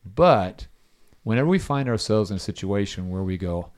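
A man's voice: on the low side, expressive, normal speed, darkish tone. A middle-aged man leading a casual Bible study, telling a story and asking his listeners questions.

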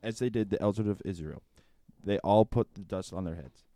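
Man reading scripture, very low voice, mellow tone, dry close sound. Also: brisk, dry recording. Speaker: study group member.

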